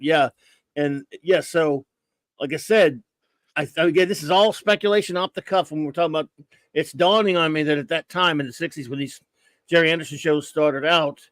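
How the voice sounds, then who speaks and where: A man's voice: fairly high pitch, a bit bright, dry recording. A man from the United States hosting a casual livestream chat over a video call, thinking aloud with many restarts. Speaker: host.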